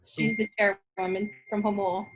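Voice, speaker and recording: A woman's voice: medium pitch, level tone, normal speed, slight background noise. Nervous woman introducing herself on a call. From San Diego. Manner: friendly, slightly nervous. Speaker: student. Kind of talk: self-introduction in class. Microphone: video call.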